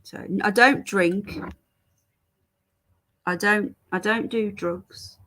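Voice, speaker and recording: A British woman chats through a casual livestream into a webcam or phone mic, her voice at a middling pitch. She rambles from one thought to the next and answers viewer comments one by one. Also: steady tone, extremely slow, bright, forceful tone. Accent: British English. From Britain. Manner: chatty, rambling, answers chat messages as they come. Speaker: livestream host.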